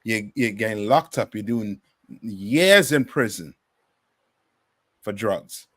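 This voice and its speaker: A man's voice: fairly low pitch, animated, slow, a bit bright, no room sound, studio quality. A man teaching a bible class in a preaching style, emphatic and full of rhetorical questions.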